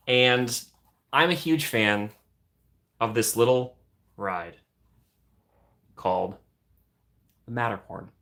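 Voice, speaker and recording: A man's voice: fairly low pitch, a bit bright. A man hosting a casual livestream, chatting and answering viewer comments. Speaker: livestream host.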